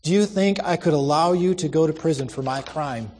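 A remorseful young man, read by a man in a storybook recording. He sounds anguished and self-reproaching, at a slightly raised pitch. A long reverb trails behind his words. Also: a little fast, a little mellow, natural voice.

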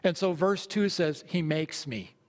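A man's voice: on the high side, measured pace. Earnest preacher man in a reverberant hall. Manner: earnest, repeats phrases while reading scripture aloud. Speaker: pastor. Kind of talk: sermon.

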